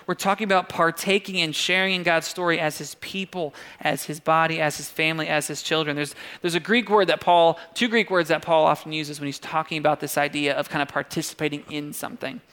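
A man preaching a sermon in a relaxed, conversational way, often checking in with "right?". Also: a little high, a little fast, few pauses, clear, resonant tone. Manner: conversational, keeps asking "right?". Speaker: pastor.

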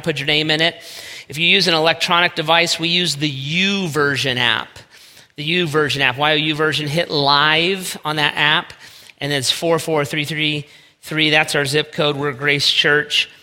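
A pastor in his forties from Northeast Ohio delivers a folksy, self-deprecating sermon with a personal story in a church sanctuary. His voice is on the high side, bright and forceful, with long hall reverb on the recording.

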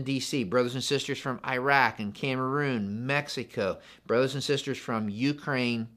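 In church, a pastor delivers an earnest sermon, repeating phrases and regularly posing questions to the congregation. His voice is mid-range and a bit bright.

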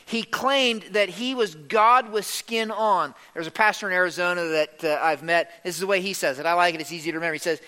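A man delivers an emphatic sermon, his voice high and bright, cutting through a hall with a long, lingering reverb. He swings between loud emphasis and hushed delivery. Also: brisk, hardly any pauses. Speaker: pastor.

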